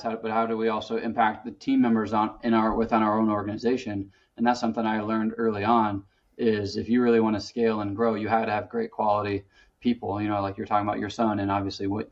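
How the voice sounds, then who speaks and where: A man's voice: fairly low pitch, level tone, fast. A man talking earnestly in a casual podcast conversation, peppering his speech with "you know". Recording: distant, dull-sounding mic.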